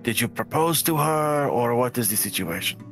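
A man playing a tabletop game, speaking in character in a formal, measured way. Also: mid-range voice, expressive, a bit bright, soft background music. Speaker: player. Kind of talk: in-character role-play.

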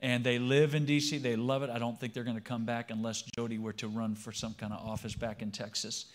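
Pastor in his fifties, easygoing sermon delivery, mid-pitched, quizzes the congregation. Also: level tone, brisk. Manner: conversational, polls the congregation with questions.

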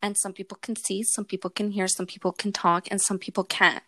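A woman's voice: medium pitch, a little fast, no room sound, studio quality. A woman hosting a podcast, chatting casually and acting out bits of dialogue as she tells stories. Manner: animated storyteller, acts out dialogue with her son. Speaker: podcast host. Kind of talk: casual chat.

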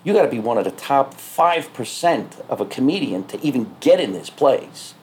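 A man, a stand-up comedian, telling stories in casual podcast talk, animated and swearing freely. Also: mid-range voice, moderate pace. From New Jersey.

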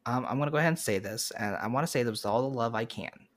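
A man guesting on a casual podcast, telling playful, animated stories. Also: mid-range voice, racing.

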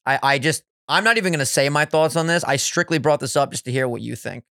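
A man co-hosting a casual podcast, excitable and laughing often, swearing freely as he tells stories. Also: fairly high pitch, fast, vocal fry, dry recording, clean studio sound. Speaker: podcast co-host.

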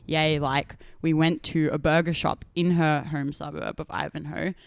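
A young Australian woman co-hosting a podcast, telling a story in a lively, laughing way and acting out quotes. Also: deep voice, normal speed, creaky, clean tone, no room sound. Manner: animated, laughing, acts out quotes. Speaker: podcast co-host. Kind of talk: casual storytelling chat.

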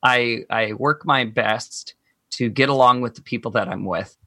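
A man's voice: mid-range voice, measured pace, sharp tone, dry recording. A man speaking as a podcast guest, reflective and earnest, thinking aloud through personal experiences in casual conversation.

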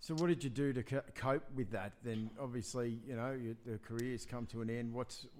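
A man hosting an interview, firing off quick questions that he rephrases as he goes. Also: medium pitch, fairly even intonation, a little mellow, slight background noise. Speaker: podcast host.

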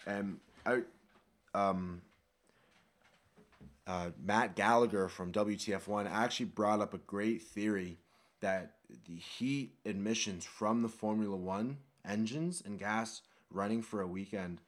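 Lower-pitched guy cohosting a chatty podcast, sarcastic and jokey, swears a lot. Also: a little slow. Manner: joking, sarcastic, swears freely. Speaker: podcast co-host. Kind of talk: casual chat.

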